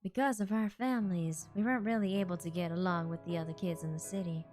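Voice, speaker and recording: A woman's voice: on the low side, fairly even intonation, quick pace, a little mellow, faint music behind. A woman streamer chatting casually and reading game narration aloud, laughing and playfully exasperated.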